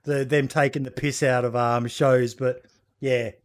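A man's voice: medium pitch, level tone, measured pace. Laid-back sweary Australian man. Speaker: podcast co-host. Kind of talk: casual chat.

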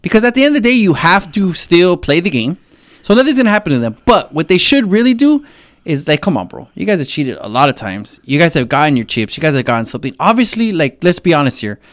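A man with a high, very lively voice talks sports on a podcast. He swears freely and laughs easily in loose, animated chat. The sound is dry and close. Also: fast, no echo. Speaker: podcast co-host.

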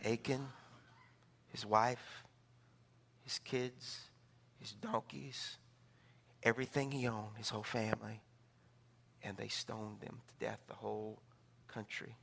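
Middle-aged male pastor preaching, animated storyteller, bright gravelly voice. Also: fairly low pitch, slow pace, pauses often. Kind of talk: sermon.

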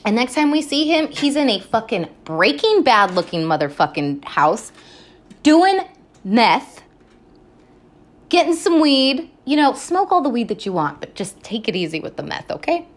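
A woman's voice: a little high, big pitch swings, normal speed. A woman hosting a podcast, recapping a TV show in a rambling, casual way, swearing a lot and laughing often. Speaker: podcast host.

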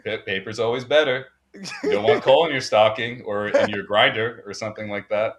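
A man's voice: on the low side, steady tone, a little fast, background noise. A young man co-hosting a casual chat, laid-back, swearing freely and trailing off with "you know".

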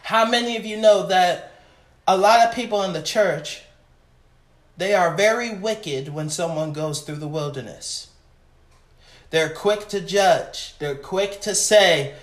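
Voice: mid-range voice, slow, reverberant. A preacher delivering an impassioned sermon, calling out to the congregation.

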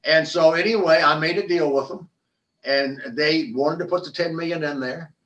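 An older man, a former athlete turned business founder, telling animated stories in an interview with frequent restarts and repeated words. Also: fairly high pitch, moderate pace, far from the mic, poor audio. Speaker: podcast guest, former football player and business founder. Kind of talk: conversational interview storytelling.

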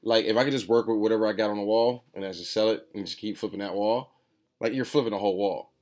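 A young man with a low voice talks in relaxed, swear-heavy conversation. He tells lively stories about his store and slips into quick voiced impressions of other people. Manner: swearing, animated storytelling with voiced quotes. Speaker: podcast co-host, store owner. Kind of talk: casual chat.

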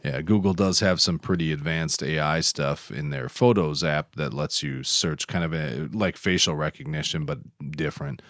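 Low-voiced man explaining app tips. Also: normal speed, few pauses, fairly bright tone, no echo, studio quality. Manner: rambling, self-correcting explainer. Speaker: podcast co-host. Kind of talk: casual chat.

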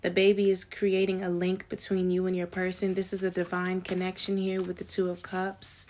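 Woman tarot reader, low and level, chatty slangy delivery. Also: moderate pace. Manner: chatty and slangy, with excited asides. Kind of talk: casual tarot reading to viewers.

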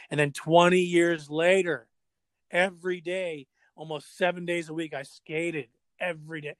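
Middle-aged male guest, animated yarn-spinner who acts out the other voices, slightly high voice, dry close sound. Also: measured pace, dry recording. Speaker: guest, drummer and former pro skateboarder. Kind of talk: casual storytelling interview.

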